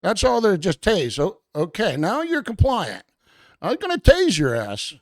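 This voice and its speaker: Excitable host yelling at a game, tons of swearing and repeats, lively pitch, dry close sound. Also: unhurried, no room sound. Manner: excitable, mock-panicked, swears freely, stammers and repeats itself; slips into a gruff, bossy police-officer act. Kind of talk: profane, joking gameplay commentary.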